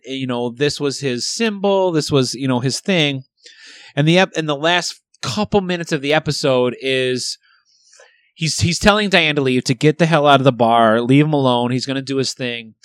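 Chatting casually on a podcast, a man with a medium-pitched, slightly bright voice rambles through a retelling of a favorite sitcom episode. He swears freely and fills his speech with fillers. There is no room sound.

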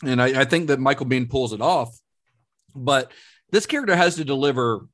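A man's voice: medium pitch, normal speed. Man chatting about film trivia. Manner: relaxed, laughs often, recounts researched trivia. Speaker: podcast co-host. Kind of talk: casual film podcast chat.

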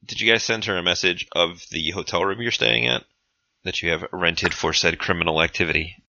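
Man, game master, very deep, bright edge, dull lo-fi mic. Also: steady tone, fairly quick, no room sound. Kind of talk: narrating a tabletop game.

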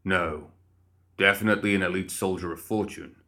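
A man's voice: low voice, steady tone, normal speed, bright, forceful tone. A man voicing a boastful, condescending undead man who is only a severed head, in a storybook reading. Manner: smug and boastful.

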